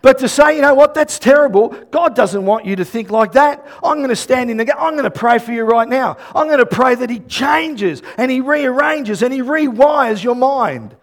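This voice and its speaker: High-voiced man preaching animatedly. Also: moderate pace, few pauses. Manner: animated, acts out quoted dialogue, shouts emphasis. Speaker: pastor. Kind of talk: sermon.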